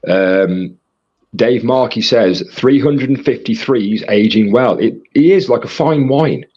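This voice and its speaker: A man with a husky voice, casually reading viewer comments aloud as co-host of a live stream. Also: medium pitch, unhurried, a little mellow, lo-fi sound, slight background noise.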